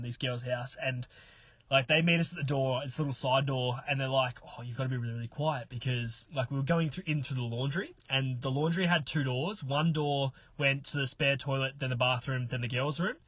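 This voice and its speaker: A man's voice: mid-range voice, a little fast, fairly bright tone, husky, dry recording. A man telling a long story among friends, swearing, laughing and acting out other people's lines. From Australia. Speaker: mystery guest telling a story.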